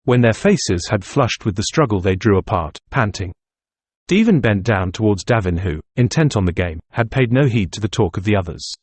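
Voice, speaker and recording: A man narrating an audiobook in a measured, literary reading style. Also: on the low side, animated, slightly rough, dry recording. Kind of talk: scripted narration.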